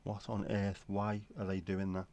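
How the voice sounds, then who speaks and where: A man's voice: low-pitched, monotone, unhurried, darkish tone. A middle-aged British man hosting a casual late-night livestream, rambling wryly and chatting to his viewers from home. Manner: rambling, wry, talks to himself. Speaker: livestream host.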